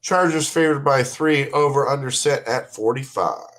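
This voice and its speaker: A man's voice: mid-range voice, fairly bright tone. A man hosting a casual football pick'em show, running each game's segment. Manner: unhurried, runs the segments by asking for referee, announcers and ticket prices. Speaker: podcast host.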